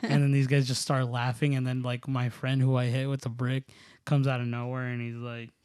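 A man's voice: medium pitch, little pitch movement, brisk, a little mellow, dry recording. A man telling childhood stories in a casual chat. He rambles, restarts and fills his talk with "like", with bursts of laughter. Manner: rambling, filler-heavy, many "like"s and restarts.

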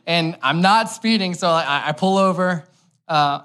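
A man's voice: a little high, normal speed, fairly bright tone. Young man preaching casually. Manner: casual and storytelling, with light humor. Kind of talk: conversational sermon.

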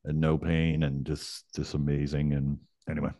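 A man's voice: extremely low pitch, little pitch movement, normal speed, warm tone, no room sound. A middle-aged man co-hosting a podcast, talking in a laid-back way, laughing often and swearing casually. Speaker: podcast co-host. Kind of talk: casual chat.

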